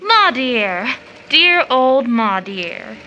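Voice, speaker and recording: A woman playing a lively, affectionate young woman who teases and gushes in a stage play reading. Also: sits high, extremely slow, a little hiss or hum, full character voice, rough recording. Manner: effusive, gushing, teasing.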